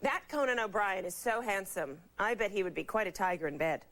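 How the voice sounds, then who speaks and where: A woman voicing her frank, saucy older mother in a lowered, knowing drawl. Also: animated, fairly quick. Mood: suggestive. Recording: noisy broadcast with loud audience.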